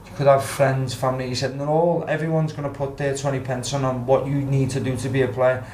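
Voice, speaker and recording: A young man from Liverpool with a Scouse accent, a former footballer, tells stories casually on a podcast, swearing freely and acting out quotes. His mid-range voice has a darkish tone and little pitch movement, and he speaks fast. The recording is roomy, with faint ambience and slight background noise.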